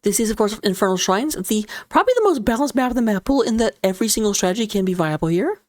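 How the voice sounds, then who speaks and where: A woman casting a live video game match as commentator, playful and jokey, her voice jumping up with sudden excitement. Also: mid-range voice, fast, no echo, clean studio sound. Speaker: esports caster.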